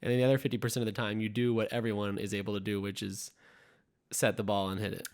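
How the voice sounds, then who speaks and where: A man co-hosting a casual podcast, retelling scenes in an animated way with quoted voices. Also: lowish voice, fast talker. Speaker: podcast co-host.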